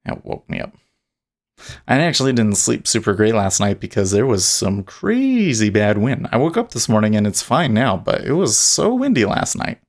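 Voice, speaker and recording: Chatty guy from utah, kinda low and gravelly, rambling thru his trades live. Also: sing-song, moderate pace. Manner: chatty, rambling, with restarts and chuckles. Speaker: day trading streamer. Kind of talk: casual live-stream trading commentary.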